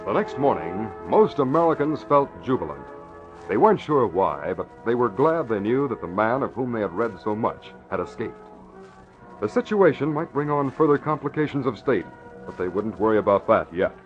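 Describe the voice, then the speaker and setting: A man narrating an old radio drama in a measured, dramatic storytelling manner. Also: mid-range voice, big pitch swings. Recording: dull lo-fi old radio recording with music.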